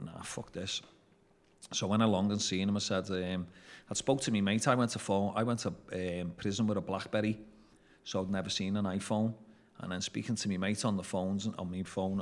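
Scouse man, very low voice, casual swearing storyteller who acts out dialogue. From Merseyside, England. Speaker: interview guest, former prisoner.

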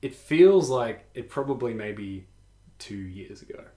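A young man telling a story in casual podcast chat, animated and laughing, with many restarts. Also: medium pitch, unhurried. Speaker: podcast co-host. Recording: echoey room.

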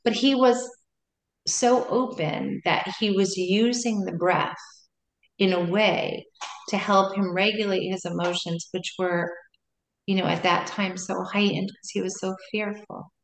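A woman's voice: mid-range voice, steady tone, a little slow, gravelly. A middle-aged woman, a meditation and yoga teacher, chatting casually as a guest in loose, trailing sentences full of restarts. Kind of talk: casual interview chat. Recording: roomy echo.

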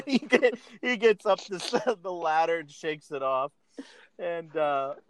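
Here a podcast co-host with a slightly high voice talks extremely slowly while recapping a film in a relaxed, chatty way. He goes through it scene by scene, laughing frequently and voicing the characters' lines.

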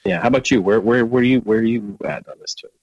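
A man's voice: on the low side, a little fast, creaky, a little mellow, no room sound, muffled recording. A man guest-hosting a music podcast, talking eagerly and searching for words as he describes songs. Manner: enthusiastic, searching for words, many restarts. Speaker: guest co-host. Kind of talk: casual music chat.

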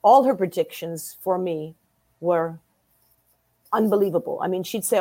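Animated woman in her sixties telling a story. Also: on the low side, unhurried, pauses often, no room sound. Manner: lively storyteller who acts out quoted voices. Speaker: interview guest. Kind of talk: storytelling interview.

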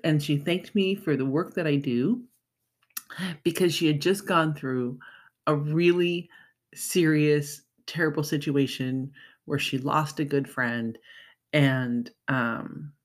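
Woman host, lowish voice, chatty and heartfelt, talk-to-listeners podcast feel. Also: slow. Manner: chatty and heartfelt, with frequent fillers and laughs. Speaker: podcast host and mental health coach. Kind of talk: casual storytelling monologue.

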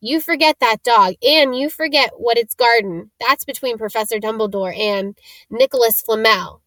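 A big gruff gamekeeper, stubborn and protective, as a woman reads him aloud. He speaks insistently in a slightly high, dry voice. This is a storybook reading. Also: moderate pace, sharp tone, no room sound. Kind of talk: reading character dialogue in a storybook.

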